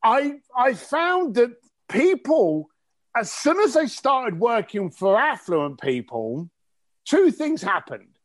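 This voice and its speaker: A man from East tells stories bluntly and cheekily, swearing freely. His voice sits high, and his pitch leaps around with animated energy. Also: slow. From East London. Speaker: interview guest. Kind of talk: casual storytelling interview.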